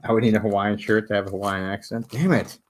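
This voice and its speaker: Young male streamer, low voice, loose and profane, self-mocking humor, late-night chat at home. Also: fairly even intonation, fast, noisy background. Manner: joking, self-mocking, swears freely, laughs often. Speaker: livestreamer building a model ship.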